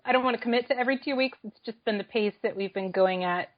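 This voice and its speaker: A woman speaking as a podcast guest, answering eagerly in quick bursts with frequent fillers. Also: a little high. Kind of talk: casual interview chat. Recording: slightly muffled podcast recording.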